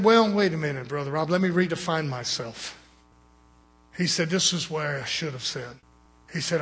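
A man preaching a sermon, telling a story with animated, emphatic bursts. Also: on the high side, slight background noise. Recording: long hall reverb.

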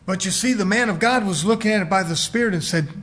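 A man preaching a sermon in a folksy, emphatic way, swinging between loud and quiet and acting out quoted voices. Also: high-pitched, fast talker.

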